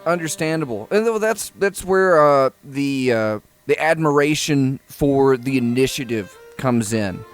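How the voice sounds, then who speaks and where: A man's voice: mid-range voice, expressive, measured pace, few pauses, soft background music. Easygoing male podcast host. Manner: easygoing, prompting with short questions. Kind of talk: casual podcast conversation.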